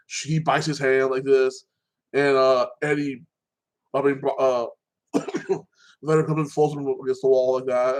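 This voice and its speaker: A man of ordinary middle pitch chats on his own channel, walking through a movie's story. His telling rambles, stacks up fillers and restarts, and he swears freely as he goes. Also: rough recording. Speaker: vlogger. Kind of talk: casual movie recap monologue.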